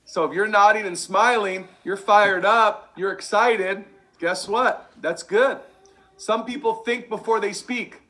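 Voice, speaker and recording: A man coaching a sales team, energetic and repetitive, drilling catchphrases over and over. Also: high-pitched, unhurried. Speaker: sales trainer. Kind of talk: energetic sales training talk.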